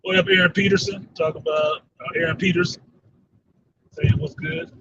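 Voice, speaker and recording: A man hosting a casual fan chat show, reading viewer comments, animated, laughing often and swearing freely. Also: a little high, moderate pace. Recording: slightly distant dull mic with faint noise.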